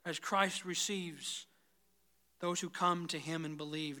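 A man preaching a sermon as pastor, swinging between loud, rising intensity and soft, low pleading, often calling the congregation "guys". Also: steady tone, slow. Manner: repeatedly addresses the congregation as "guys".

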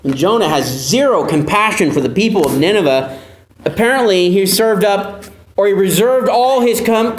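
A man's voice: high-pitched, roomy sound. A man preaching a sermon as pastor, emphatic, asking the listeners pointed rhetorical questions.

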